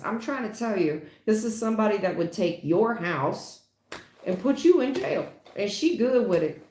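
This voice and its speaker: Woman, tarot reader on a live stream; blunt, emphatic, salty, mid-pitched, in a roomy space. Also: a little mellow. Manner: blunt, emphatic, swears casually. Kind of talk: livestream tarot reading.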